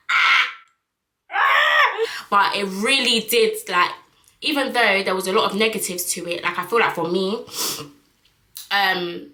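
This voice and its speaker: A woman's voice: medium pitch, sharp tone, roomy sound, rough recording. A young woman, chatting frankly to camera in a casual vlog, full of fillers. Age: young adult. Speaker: vlogger.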